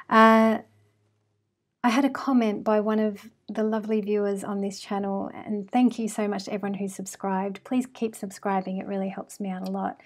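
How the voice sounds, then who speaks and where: A woman's voice: fairly high pitch, darkish tone. A woman in her thirties from Australia, her accent mixed with British and American traces, hosting an astrology channel in a chatty, casual monologue with frequent fillers.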